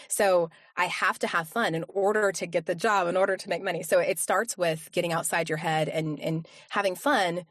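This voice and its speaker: A woman's voice: lowish voice, steady tone, moderate pace, hardly any pauses, a bit bright, no echo, clean studio sound. A woman voice coach, a podcast guest, talking casually with many fillers and restarts. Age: adult with young kids. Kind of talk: casual interview chat.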